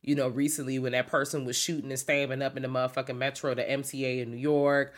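A woman's voice: rumbling low, level tone, fast talker. An American woman co-hosting a casual podcast chat, talking in a slangy, profane and playful way. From United States. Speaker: podcast co-host.

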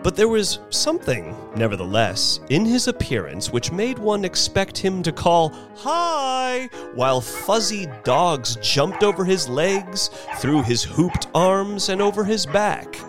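Theatrical, slow-paced male storyteller. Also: high voice, sing-song, music in the background. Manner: theatrical, with wide swings of expression. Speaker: narrator and performer. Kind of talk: dramatic audiobook narration.

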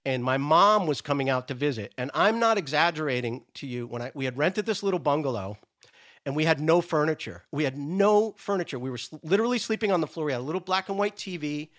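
A man's voice: a little high, animated, fast, a bit bright. A middle-aged man from Rhode Island, telling stories as a guest in casual chat. He acts out the people in his stories and laughs often while he talks. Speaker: podcast guest. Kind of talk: casual storytelling.

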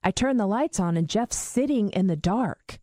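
A woman in her forties telling a story in casual podcast chat, animated and swearing freely. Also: medium pitch, moderate pace, no echo, studio quality. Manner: animated, acts out voices in quotes, swears freely.

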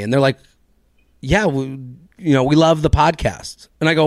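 A man hosting a solo comedy podcast, telling a story in an animated way and acting out both sides of each exchange. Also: fairly high pitch, quick pace, dry recording, clean studio sound. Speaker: podcast host.

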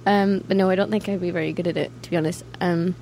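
A woman's voice: fairly low pitch, steady tone, fast, dark tone, slight background noise. Chatty Scottish woman, laughing often. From Scotland. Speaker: guest musician. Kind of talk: casual interview chat.

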